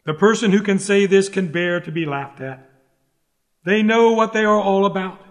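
A man's voice: sits high, normal speed. A man preaching a sermon, earnest and emphatic, pleading with the listeners and repeating his key phrases. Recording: long hall reverb.

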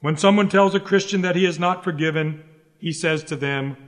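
A man's voice: a little high, moderate pace, fairly bright tone. A man preaching a sermon, earnest and emphatic, pleading with the listeners and repeating his key phrases. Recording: long hall reverb.

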